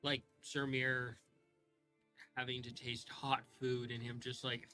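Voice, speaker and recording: A man's voice: mid-range voice, takes it slowly, faint music behind. A man acting as game master, recapping a tabletop session with lots of fillers before signing off. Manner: relaxed recap with many fillers.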